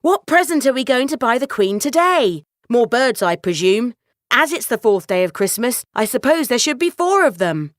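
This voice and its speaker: A polite, eager storybook knight voiced by a woman, pitched a little above her narration and lively in tone. His phrasing is formal and courteous. The voice is dry and close. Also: normal speed, dry recording. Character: loyal, clever male knight, eager and polite.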